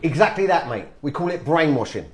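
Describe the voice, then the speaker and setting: A man's voice: fairly high pitch, big pitch swings, fairly quick. A man playing a smug spin doctor. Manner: upbeat, sarcastic briefing. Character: smug male spin doctor chairing a meeting.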